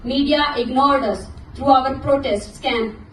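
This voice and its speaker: A young woman from Balochistan gives an earnest, measured speech from a stage, her voice sitting fairly high. The sound is roomy and reverberant, caught from some distance in a large hall with a faint hum of ambience behind her. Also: a bit bright. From Balochistan, Pakistan. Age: young adult. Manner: earnest, halting when speaking off script, many restarts. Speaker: activist speaker. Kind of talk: prepared speech at a forum. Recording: echoey hall, mic at a distance.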